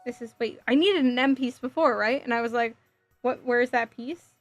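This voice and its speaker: A woman's voice: a little high, normal speed, no echo, faint music behind. A woman in her thirties chatting casually with her viewers while building a model kit, giggling often. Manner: chatty, giggly, reading chat aloud. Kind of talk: casual livestream chat.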